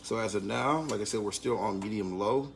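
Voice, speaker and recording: A man leading a live online cooking class, calmly explaining each step. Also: on the low side, fairly quick, creaky, slight background noise. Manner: calm step-by-step instruction.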